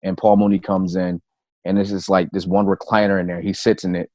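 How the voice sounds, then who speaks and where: Low-voiced man telling a comedy story. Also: level tone, fairly quick, warm tone, no echo. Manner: loose, profane anecdote telling. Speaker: comedian guest. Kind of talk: casual podcast storytelling.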